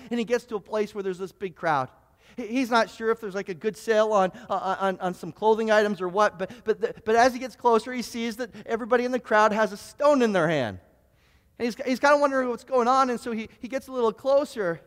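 A man preaching a sermon, telling a story and moving between raised emphatic lines and low, quiet ones. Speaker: pastor. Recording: long hall reverb.

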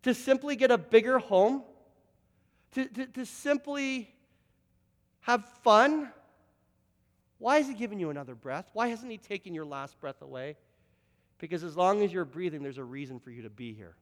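A man's voice: sits high, expressive, normal speed, pauses often, long reverb tail. A Canadian man preaching a sermon as pastor, earnest, often repeating words as he presses a point.

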